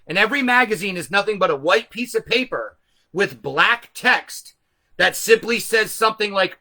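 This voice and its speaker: Male host, loose profane storyteller who corrects himself as he goes. Bright, high voice. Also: expressive, normal speed. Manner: rambling, profane, self-correcting. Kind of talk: casual rambling commentary.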